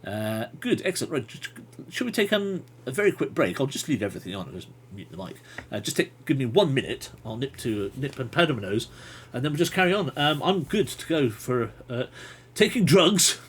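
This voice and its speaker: Chatty man with a lively voice. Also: medium pitch, brisk, a little hiss or hum. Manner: chatty, laughs often, thinks aloud. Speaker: game master and livestream host. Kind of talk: reading a gamebook live with chat.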